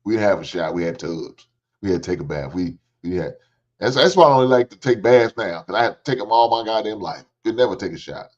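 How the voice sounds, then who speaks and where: Animated man on a lo-fi livestream. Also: on the low side, fast. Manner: animated, joking, swears freely. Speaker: livestream host. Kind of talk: casual storytelling chat. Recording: dull lo-fi stream audio.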